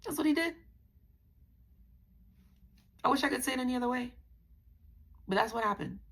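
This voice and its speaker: A woman's voice: high-pitched, animated, moderate pace. A woman hosting a podcast, telling her own story in a candid, blunt way and often calling her listeners y'all. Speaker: podcast host. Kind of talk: confessional personal storytelling.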